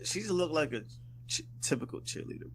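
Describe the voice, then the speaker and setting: Gravelly laid-back young man. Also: a little high, animated, brisk, slight background noise. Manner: laid-back, hesitant, slangy. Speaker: podcast co-host. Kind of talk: casual chat.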